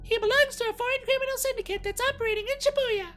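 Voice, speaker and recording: A man's voice: very high-pitched, very fast, pushed and bright, faint music behind, pitched above the performer's own voice. A man voicing a stern male police director giving orders over the radio in a clipped, official manner. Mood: briefing.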